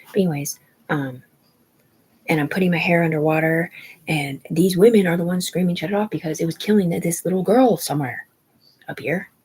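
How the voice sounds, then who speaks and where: A woman's voice: on the low side, a little fast, pauses often, darkish tone, breathy edge, poor audio. A woman in her forties telling a long personal story on a livestream, rambling and agitated, swearing often and restarting her sentences. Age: 40s.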